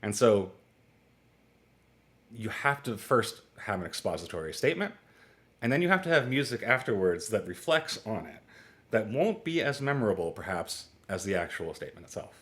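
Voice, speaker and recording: A man in his forties teaching music theory in a casual, chatty lecture, digressing into stories and acting out little exchanges. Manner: chatty and digressive, with quick asides and laughs; acts out dialogue with lively jumps in pitch. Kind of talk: casual lecture to a small online class.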